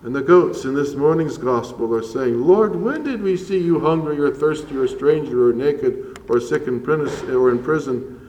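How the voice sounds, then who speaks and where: A man preaching a sermon as a priest, measured and earnest with slow emphatic pauses. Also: mid-range voice, darkish tone, a little hiss or hum. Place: church. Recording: roomy church echo from far off.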